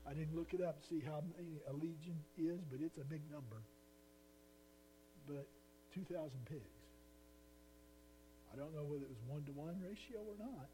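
An earnest male pastor preaches with emphasis, putting questions to his listeners. His voice is somewhat high yet mellow and warm, with a faint mains hum under the recording. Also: normal speed, long pauses, rough recording. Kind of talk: sermon.

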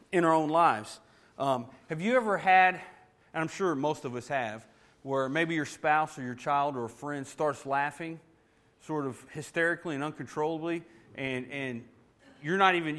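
Folksy pastor, slightly high voice. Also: male voice. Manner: folksy, animated, laughing through his story. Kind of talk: storytelling sermon.

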